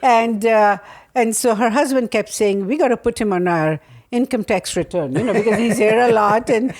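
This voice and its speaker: A woman's voice: fairly high pitch, normal speed, a little mellow. A middle-aged woman, a guest on her son's podcast, telling rambling, fond stories about him. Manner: fond, rambling anecdotes with fillers. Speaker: podcast guest, co-host's mother. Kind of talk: casual storytelling.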